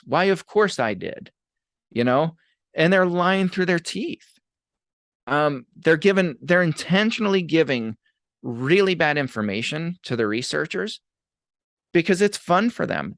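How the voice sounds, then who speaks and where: A man's voice: medium pitch, fairly bright tone, no room sound. Man, podcast guest, storytelling, mid-range voice, dry close sound, acts out quoted voices. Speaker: podcast guest, abuse advocate. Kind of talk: casual storytelling conversation.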